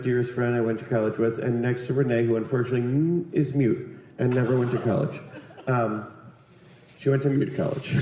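A man telling a long, rambling, profane comic story in casual chat, jumping into loud put-on voices for the people in it. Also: medium pitch, slight background noise. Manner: rambling, profane, acts out other people's lines with big voice jumps. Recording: very echoey room.

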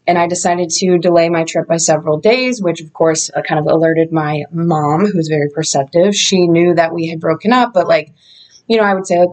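A woman's voice: lowish voice, steady tone, a little fast, darkish tone. A woman vlogger telling her own story in a candid, reflective way, with loose casual phrasing. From Indiana. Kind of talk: casual first-person storytelling.

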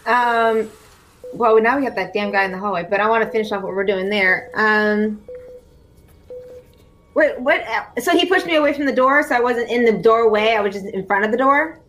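A woman's voice: fairly high pitch, normal speed, a bit bright, poor audio. A woman playing a tabletop game, talking in a chatty, casual way and swearing freely. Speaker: player.

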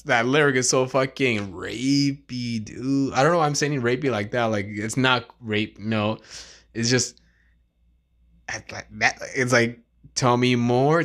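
A man's voice: mid-range voice, fairly bright tone. A man in his thirties hosting a podcast in casual chat, rambling, slangy and profane. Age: 30s. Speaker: podcast host.

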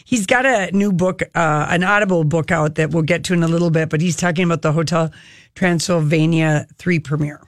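A woman's voice: low voice, fairly quick, dry recording. Radio lady gushing about celeb gossip, dry close mic. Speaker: radio show co-host. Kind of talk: casual entertainment chat.

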